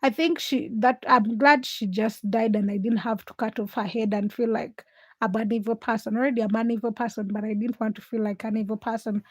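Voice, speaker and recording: A woman's voice: on the high side, a little fast, dry recording. Dry-voiced woman livestream host. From Uganda. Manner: animated storytelling, reads viewer comments aloud. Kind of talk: casual livestream storytelling.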